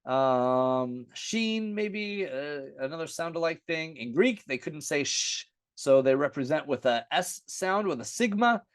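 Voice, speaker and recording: An American man teaching the alphabet in a relaxed lesson, saying each letter name aloud again and again as he writes it. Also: a little high, unhurried, few pauses, clear, resonant tone, no room sound, clean studio sound. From United States. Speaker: Bible and Hebrew teacher.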